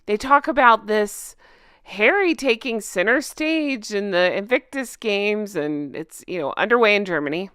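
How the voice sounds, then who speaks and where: Animated sarcastic woman ranting. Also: mid-range voice, unhurried, smooth, dry recording, clean studio sound. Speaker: commentary channel host. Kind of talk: casual ranting commentary.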